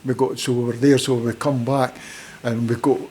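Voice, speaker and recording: A man's voice: mid-range voice, flat delivery, normal speed, warm tone, a little hiss or hum. A middle-aged Scottish man, a former footballer and manager, telling rambling anecdotes in a casual interview and acting out the people he quotes. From Scotland.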